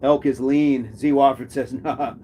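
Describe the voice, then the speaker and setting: A man's voice: fairly high pitch, fairly even intonation, measured pace, slight background noise. A man hosting a casual live chat, reading viewers' comments aloud and joking about them. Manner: jokey, reads comments aloud and riffs on them.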